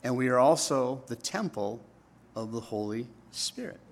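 Man preaching an animated sermon. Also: mid-range voice, moderate pace, vocal fry. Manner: animated, asks the congregation "right?" often. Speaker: pastor.

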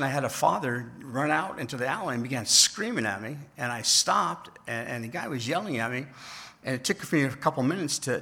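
A middle-aged pastor preaching a conversational sermon, asking the congregation rhetorical questions. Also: male voice, medium pitch, gravelly, sharp tone.

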